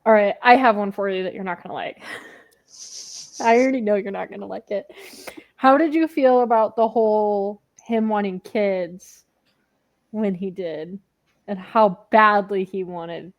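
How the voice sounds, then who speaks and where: A woman's voice: mid-range voice, measured pace, pauses often, highs cut off. A young adult woman co-hosting a book club podcast, talking casually, laughing often and swearing freely. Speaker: podcast co-host.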